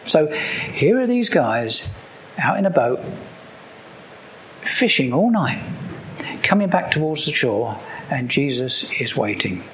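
A man's voice: a little high, a bit bright, slight background noise. A man preaching a sermon in a conversational way, with joking asides and repeated key points.

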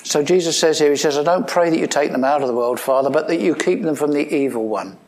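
A pastor preaching a sermon in a conversational style, asking his listeners questions, with touches of dry humor and sudden emphatic lines. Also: fast talker. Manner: swings between emphatic rising lines and low quiet asides.

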